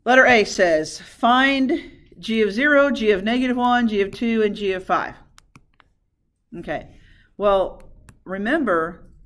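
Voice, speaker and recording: A woman's voice: mid-range voice, a bit bright. A woman math teacher lecturing a class in a classroom, asking questions and answering them herself.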